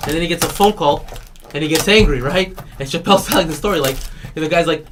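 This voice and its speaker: A chatty card break host talks casually on a live stream and laughs often while retelling comedy bits. The voice sits at a middle pitch. Steady background noise and clicks run under the stream. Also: fast.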